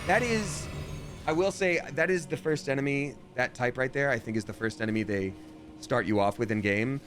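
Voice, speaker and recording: A man giving casual live-stream commentary while playing a video game, chatty, with sudden excited outbursts. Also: medium pitch, normal speed. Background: game music.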